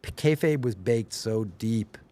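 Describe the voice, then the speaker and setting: Slower this time, a middle-aged man with a slight Long Island accent and medium pitch chats casually as a podcast guest; he's a showrunner from Long Island, New York. He's a lively storyteller who performs the quotes, his excitement building as he goes.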